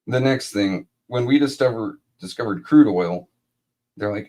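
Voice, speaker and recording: A man's voice: lowish voice, a little slow, dark tone. A man co-hosting a casual live-stream chat, talking bluntly and swearing a lot. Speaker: co-host.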